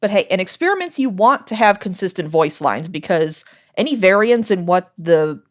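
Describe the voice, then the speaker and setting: A woman sits in as podcast host, walking through details in easy, relaxed chat. Her voice sits fairly low, and she breaks into laughter often between explanations. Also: normal speed.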